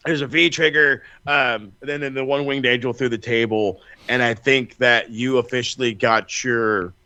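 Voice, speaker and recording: A man co-hosting a wrestling podcast in casual chat, telling stories in an animated, profane way with lots of restarts. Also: medium pitch, normal speed, clear, resonant tone, no room sound, highs cut off. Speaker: podcast co-host.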